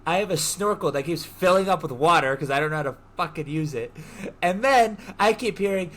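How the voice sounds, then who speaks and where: Young guy on a podcast, kinda high voice, laughing and cussing thru a story. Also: brisk. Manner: animated, swears, laughs often. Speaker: podcast co-host. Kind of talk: casual storytelling chat.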